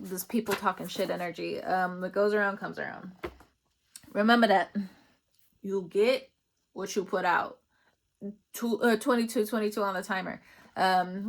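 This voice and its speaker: A young woman giving a casual, rambling spiritual reading, chatty and laughing often. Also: medium pitch. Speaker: tarot reader.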